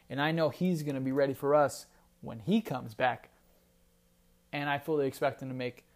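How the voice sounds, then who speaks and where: A man hosting a solo sports podcast, talking casually and rambling with restarts. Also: a little high. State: briefly choked up. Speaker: podcast host.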